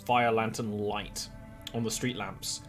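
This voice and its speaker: A man's voice: lowish voice, slow pace. A man narrating as game master, rambling through scene descriptions with lots of fillers. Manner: animated, rambling with many fillers. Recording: faint music bed behind.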